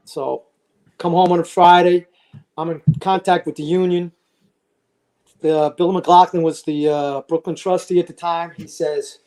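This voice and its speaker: A man's voice: a little high, steady tone, measured pace, darkish tone. A man in his sixties, a retired fire lieutenant, telling casual stories as a podcast guest and acting out the voices of people he quotes. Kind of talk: casual storytelling.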